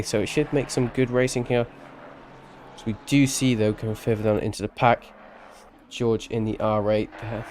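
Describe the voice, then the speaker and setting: A man's voice: on the low side, darkish tone, slight background noise. A man giving live-streamed sim racing commentary, chatty and rambling, with self-deprecating asides and a tired edge.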